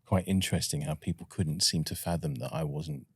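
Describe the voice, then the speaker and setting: A middle-aged British actor with a received pronunciation accent, talking softly and thoughtfully in a relaxed interview, often pausing with ums. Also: male voice, a bass voice, breathy edge, dry recording. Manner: soft-spoken and reflective, pauses with ums and uhs. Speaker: actor, guest.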